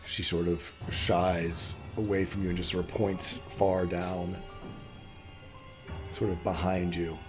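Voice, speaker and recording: Slow, low-voiced male game master. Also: little pitch movement. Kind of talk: narrating a tabletop game. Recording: faint background music.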